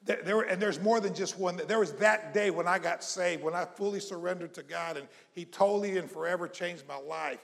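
A man from South Mississippi, preaching a sermon and leading the congregation in call-and-response, moving between hushed prayer and shouting. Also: high voice, brisk, gravelly, hardly any pauses. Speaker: pastor. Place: church hall. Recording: long church-hall reverb.

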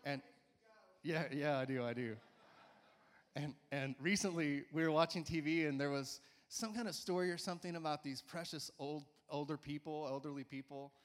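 A man in his forties preaching a sermon in a church, energetic and coaxing, often urging listeners with "come on.". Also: on the high side, moderate pace. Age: 40s. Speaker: pastor. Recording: church hall reverb.

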